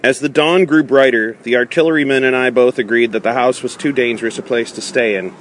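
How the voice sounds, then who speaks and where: A man reading a novel aloud in a measured way, with small slips and restarts. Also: mid-range voice, slight background noise. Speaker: audiobook reader.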